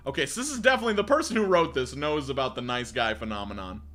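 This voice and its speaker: Giggly, swearing male streamer with lively pitch. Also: fast talker, few pauses. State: out of breath. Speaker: live streamer. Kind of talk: casual live-stream chat and story reading. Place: home, near a bathroom.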